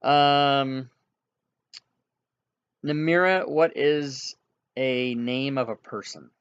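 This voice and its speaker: A man narrating as game master of a tabletop game, relaxed and reassuring toward his players, on a dull, dry lo-fi recording. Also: medium pitch, drawn-out words, clean tone. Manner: relaxed, reassuring, laughs easily.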